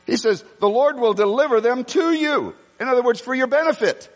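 A man preaching a sermon as pastor, telling stories animatedly and swinging between quiet asides and raised, emphatic lines. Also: extremely high pitch, brisk. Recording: long reverb of a large hall.

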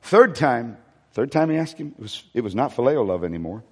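A man's voice: medium pitch, big pitch swings, fairly quick, breathy edge. Folksy preacher man in a reverberant hall. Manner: conversational, with folksy asides and dramatic soft-voiced quotes. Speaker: pastor. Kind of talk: sermon. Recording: long reverb of a large hall.

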